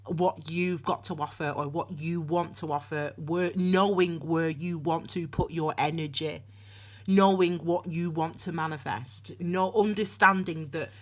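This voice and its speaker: Her voice sits low, with fairly even intonation and a measured pace, as this tarot reader chats through a casual, rambling reading marked by many restarts and asides.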